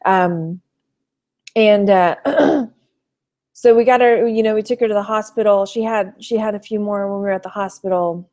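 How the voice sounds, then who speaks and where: A woman from Texas chatting casually on a live stream, rambling through a personal story with lots of "you know" fillers and pausing to greet viewers by name. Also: mid-range voice, fairly even intonation, darkish tone. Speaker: thrift reseller vlogger.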